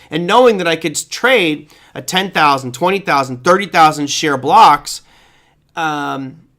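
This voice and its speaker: A man's voice: fairly high pitch, a bit bright. A man hosting a live trading stream, talking casually about the markets and answering viewer questions, often checking in with "right?". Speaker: trading show host.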